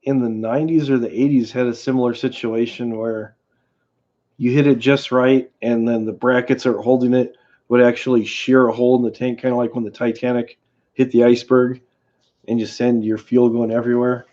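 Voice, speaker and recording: A man hosting a livestream, chatting loosely and telling a story in a halting, rambling way. His voice is dark and mellow. The audio is a bit dull and lo-fi. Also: medium pitch, little pitch movement. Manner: rambling, halting, many restarts. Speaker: livestream host.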